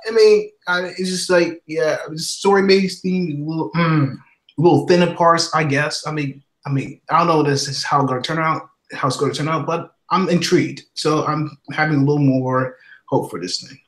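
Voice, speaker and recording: A man's voice: fairly high pitch, normal speed, fairly bright tone. Rambling man in an echoey room. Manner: rambling, repeats himself. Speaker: podcast co-host. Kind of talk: casual chat.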